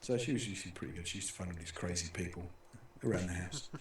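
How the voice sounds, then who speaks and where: A middle-aged man from Britain rambles through long stories, full of restarts and fillers. His voice sits a little low. He sounds set back from the mic in a very echoey room, with faint noise behind him. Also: quick pace, recorded from a distance. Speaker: talk show host. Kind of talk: casual chat.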